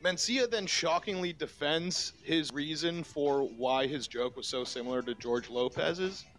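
A man narrating a comedy history video in a measured, explanatory way. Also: on the high side, a bit bright, soft background music. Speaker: comedy commentary YouTuber. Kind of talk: scripted reaction narration.

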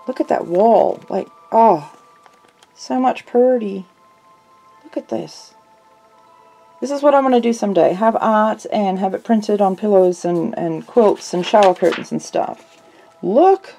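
A woman talks slowly and unhurriedly in a mellow, warm voice, gushing over every item she unpacks. She chats casually from her home art room. Faint music plays softly underneath. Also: mid-range voice, gravelly. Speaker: craft vlogger. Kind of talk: casual chat opening happy mail.

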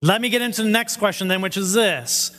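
Bright-voiced male pastor in a reverberant hall. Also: sits high, fairly quick. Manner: conversational, asks the audience questions; acts out quoted voices animatedly. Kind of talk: sermon. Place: church hall. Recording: long church hall reverb.

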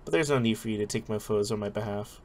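A man voicing a proud young woman dancer in a subdued, low-key tone. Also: quick pace, a little mellow, slight background noise, lightly acted. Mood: guarded.

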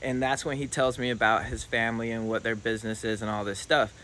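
A man's voice: medium pitch, fast talker, slight background noise. Profane young man telling a wild story. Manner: loose, profane, animated retelling. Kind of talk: casual storytime monologue.

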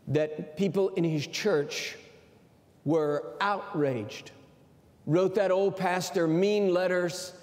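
A man's voice: on the high side, a little mellow. A man preaching a sermon in a large auditorium, telling stories with emphasis. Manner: storytelling, emphatic. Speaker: university president preaching. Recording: long hall reverb.

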